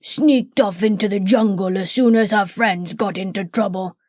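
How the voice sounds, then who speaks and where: A woman voicing a sour crocodile in a storybook reading, speaking slowly and grumbling. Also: medium pitch, darkish tone, dry recording, clean studio sound, lightly acted. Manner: slow, grumbling.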